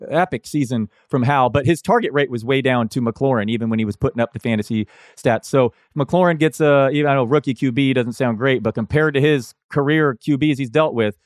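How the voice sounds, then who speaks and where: A man co-hosting a fantasy football podcast, talking casually in a halting way, stopping and restarting his thoughts. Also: medium pitch, dry recording, studio quality. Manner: halting, lots of fillers and restarts, chuckles now and then. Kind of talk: casual sports analysis chat.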